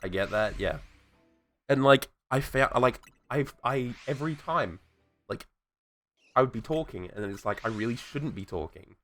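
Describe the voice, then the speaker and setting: With a medium-pitched, fairly bright and animated voice at normal speed, a man streams a game while sick with a sore throat. He rambles, swears and talks to himself in casual gameplay chat, faint music behind him.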